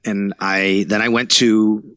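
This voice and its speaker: A man in his forties, a guest on an interview podcast, telling his story in an animated way and acting out what others said. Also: on the low side, slow, dry recording. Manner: animated storyteller who acts out quotes, laughs. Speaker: guest, sports radio reporter.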